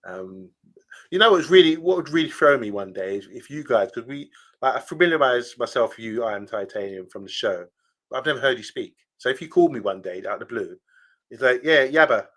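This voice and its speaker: A man's voice: mid-range voice, lively intonation, fairly quick, fairly bright tone. A man co-hosting a live-streamed fan show, chatting casually and reading out viewer comments. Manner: chatty, reads viewer comments aloud, laughs easily. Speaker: podcast co-host.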